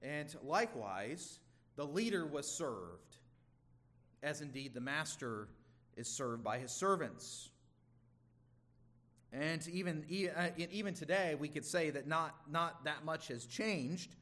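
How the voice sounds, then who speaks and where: A man's voice: fairly high pitch, animated, slow pace, sharp tone. A man preaching a sermon in an earnest, emphatic way, with the odd stumble and restart. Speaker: pastor.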